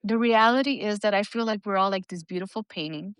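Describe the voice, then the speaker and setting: A woman's voice: medium pitch, fast talker, clean tone, dry recording, clean studio sound. Candid, profane woman podcast host. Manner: candid, profane, animated when quoting others. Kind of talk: casual podcast chat.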